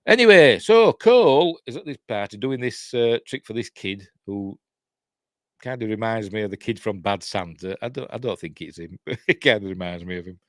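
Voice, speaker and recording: A man's voice: lowish voice, lively intonation, normal speed, no echo. A Yorkshire man in his fifties recapping a horror film in a casual, digressive way, with chuckling asides. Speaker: film reviewer.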